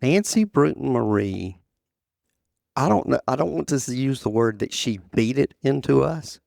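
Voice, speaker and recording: A man's voice: medium pitch, expressive, measured pace, creaky, a little mellow, dry recording, clean studio sound. An older man, a former association president, telling a long story in an interview, often repeating phrases and quoting others. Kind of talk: storytelling in conversation.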